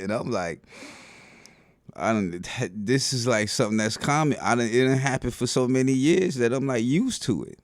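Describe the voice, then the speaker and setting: A middle-aged man with a Bronx New York accent, telling stories in a relaxed, slangy way for his video channel. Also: mid-range voice, normal speed, creaky, no room sound. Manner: relaxed street slang, keeps saying "you know what I'm saying". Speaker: vlogger. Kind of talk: casual storytelling monologue.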